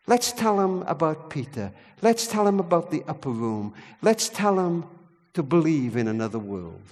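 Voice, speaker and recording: A man's voice: fairly high pitch, very animated, moderate pace, darkish tone. A man giving a sermon as a guest preacher, telling a story expressively and with emphasis. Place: ballroom at a church service. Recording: long reverb of a large hall.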